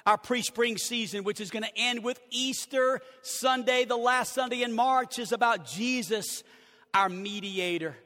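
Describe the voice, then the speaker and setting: A pastor preaching with a notably high, ringing voice. He hammers home his points through repetition. The sound carries a long reverb from a large church hall. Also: measured pace, sharp tone. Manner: emphatic, repeating key phrases. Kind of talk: sermon. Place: church sanctuary.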